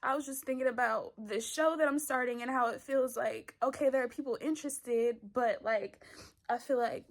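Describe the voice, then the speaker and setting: A woman's voice: on the high side, normal speed. Tearful young woman, emotional vlog. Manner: tearful, gushing, talks in bursts with many likes. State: crying on and off. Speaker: vlogger and talk show creator. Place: at home, bedroom.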